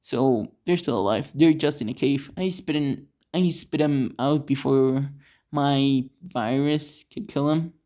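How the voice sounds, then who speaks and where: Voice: medium pitch, slow, warm tone, natural voice. Sly monster worm, as a storyteller puts him on. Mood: sheepish. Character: sly male monster worm posing as a person.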